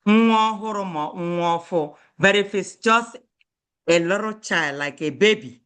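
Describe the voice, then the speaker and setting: A woman who speaks Igbo teaches a beginner Igbo lesson in English, patiently repeating words and checking that students are following. Her voice is lowish, fairly bright, and clean in tone, at a slightly slow pace.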